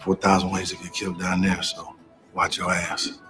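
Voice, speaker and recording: An actor playing a gruff middle-aged mercenary leader in an action film, drawling tough-guy lines and saying "man" a lot. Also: sits low, monotone, moderate pace, pushed and bright, soft background music. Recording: film soundtrack with ambient noise.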